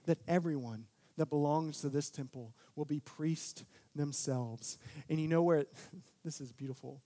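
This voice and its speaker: A young man preaches a sermon in a fairly high voice. He talks in a relaxed, plain way, then his delivery turns animated and rises to loud, emphatic peaks. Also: moderate pace. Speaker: pastor.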